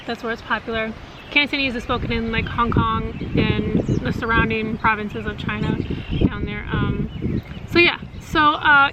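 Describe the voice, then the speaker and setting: A woman in her thirties talking casually to her viewers outdoors, chatty with many fillers and easy laughs. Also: on the high side. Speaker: vlogger. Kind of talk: casual chat. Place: outdoors in cold wind. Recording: wind noise on the mic.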